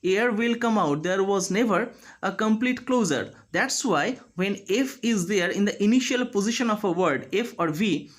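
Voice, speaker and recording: A man teaching a phonetics lesson, speaking slowly and deliberately and demonstrating each sound. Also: high-pitched, lively intonation. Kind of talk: phonetics lecture.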